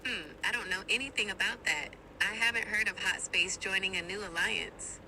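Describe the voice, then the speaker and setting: A woman's voice: medium pitch, normal speed, pushed and bright, poor audio. A synthetic woman's voice of an AI assistant, chatting in an upbeat, friendly and polite way, played over a phone speaker. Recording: phone speaker with background noise.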